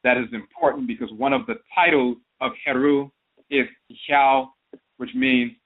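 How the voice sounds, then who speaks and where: A man's voice: mid-range voice, normal speed, vocal fry. A man hosting an internet radio talk show, explaining terms methodically in a lecture style, listing one variant after another. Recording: phone-line audio.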